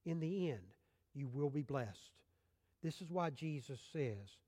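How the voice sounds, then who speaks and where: A male pastor delivering a sermon, booming out scripture quotes and then dropping to soft, low appeals to his listeners. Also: animated, a little slow. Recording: long hall reverb.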